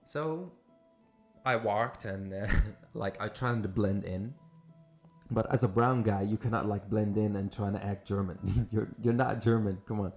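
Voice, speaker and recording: A man's voice: on the low side, measured pace, faint music behind. A man from Syria, hosting a podcast and telling a personal story casually, with many fillers and restarts. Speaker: podcast host.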